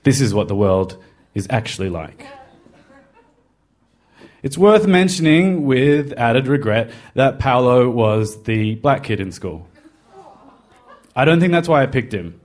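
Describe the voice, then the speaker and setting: A man's voice: mid-range voice, expressive, unhurried, long pauses, darkish tone. A man telling a personal story, wry and self-deprecating, in a confessional way. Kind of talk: personal story told to a live podcast.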